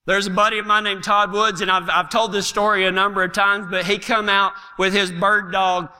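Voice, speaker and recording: A pastor preaches with big swings, dropping to hushed asides and then shouting. His voice sits high and sounds very bright and sharp. It rings out with a long echo through a large church hall. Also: little pitch movement, moderate pace. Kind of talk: sermon.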